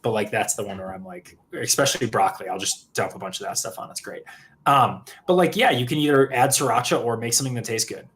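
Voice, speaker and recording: A man's voice: mid-range voice, fast talker, a bit bright. A man co-hosting a livestream in casual chat, rambling and restarting his sentences. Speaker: co-host.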